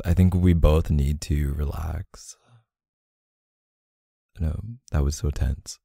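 A man speaks in a whispered role-play, his voice gravelly and very dark. He murmurs softly with affection and emotion, close and dry. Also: rumbling low, slow, long pauses, no room sound. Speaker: ASMR boyfriend role-play creator.

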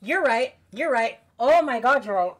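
A young woman streaming a game, chatting casually with her viewers, excitable, giggly and quick to swear. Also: on the high side. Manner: excitable, giggly, swears freely, talks to chat. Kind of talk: casual let's-play commentary.

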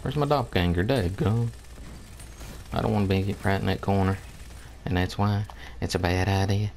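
A man's voice: low-pitched, moderate pace, vocal fry, a little mellow, a little hiss or hum. A man giving drawling, exasperated commentary over a team shooter game, pleading with his teammates. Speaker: gamer. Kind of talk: gameplay commentary.

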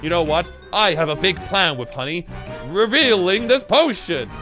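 A man voicing a gloating mad scientist villain in an animated cartoon, laughing at his own plans. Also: sits high, moderate pace, faint music behind. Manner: cackling, gloating.

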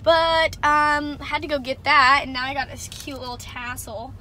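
A woman's voice: high voice, flat delivery, moderate pace, sharp tone, slight background noise. A teenage girl chatting casually in a vlog, swearing a lot, filmed on a phone in her car. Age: teens. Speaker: vlogger. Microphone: phone camera.

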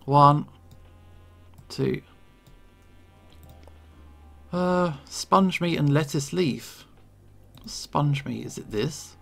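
A man giving casual gameplay commentary, relaxed and thinking aloud as he plays. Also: fairly high pitch, extremely slow, creaky, soft background music. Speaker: gaming video creator.

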